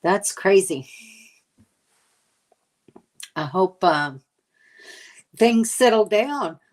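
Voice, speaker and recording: A woman's voice: medium pitch, expressive, very slow. An older woman chatting casually on a live stream, answering viewers, rambling with many fillers and sounding tired. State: tired from lack of sleep. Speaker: vlogger answering live chat.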